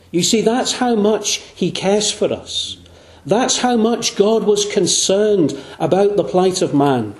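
A man with a fairly high voice preaches an evangelistic sermon in a church. He is earnest and lets his voice sink low and slow on the phrases he wants to land. The room around him rings with echo. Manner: earnest, slows and drops low on key phrases. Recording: echoey room.

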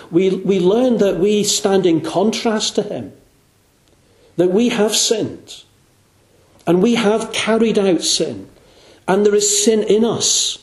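A man preaching in a meeting hall, his fairly high voice ringing around a roomy, echoing space. He speaks earnestly and with emphasis. He slows down and sinks low on the key words. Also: a little mellow. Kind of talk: sermon.

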